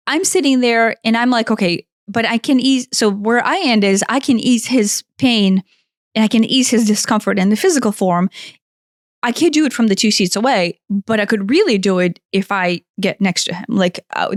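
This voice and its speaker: A woman's voice: medium pitch, normal speed, no echo, studio quality. Rambling storyteller woman from Ukraine. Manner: animated, rambling, restarts often. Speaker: podcast co-host, energy healer. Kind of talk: casual storytelling chat.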